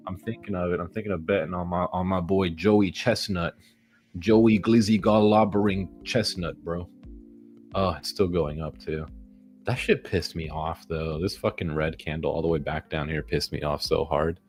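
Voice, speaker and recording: Deep-voiced man narrating his stock trades. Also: normal speed, faint music behind. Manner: excitable, swearing, talks to the chart. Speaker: day-trading vlogger. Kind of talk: casual live trading commentary.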